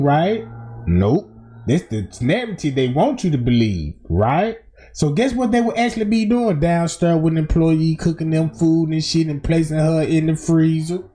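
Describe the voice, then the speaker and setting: A streamer giving casual, emphatic and profane commentary over video footage. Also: medium pitch. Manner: animated, emphatic, slangy and profane.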